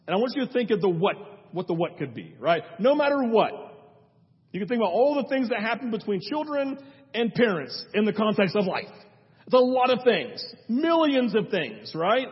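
High-voiced male preacher, husky. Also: sing-song, normal speed, in a large hall, highs cut off. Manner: emphatic storytelling with repeated phrases. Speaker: pastor. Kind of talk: sermon.

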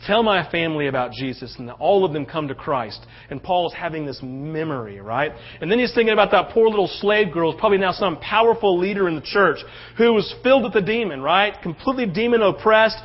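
A pastor preaching a sermon in a conversational, animated way, acting out quotes and often checking in with "right?". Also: male voice, sits high, a little fast, hardly any pauses, lo-fi sound.

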